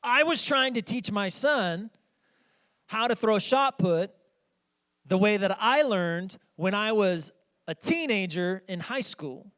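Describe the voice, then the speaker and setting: A man's voice: high-pitched, animated, takes it slowly, fairly bright tone, clean tone. A male pastor in his thirties preaching a storytelling sermon in church, chatting directly with the congregation. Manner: conversational, addresses congregation directly. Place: church sanctuary.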